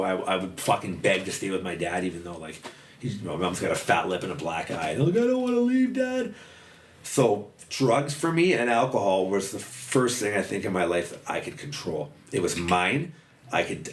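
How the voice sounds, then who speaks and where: A man guesting on a podcast, telling candid stories in a rambling, profane way, full of "like" and restarts. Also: low-pitched. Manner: rambling, profane, heavy use of "like". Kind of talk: candid storytelling about addiction. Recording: roomy, distant mic, faint background noise.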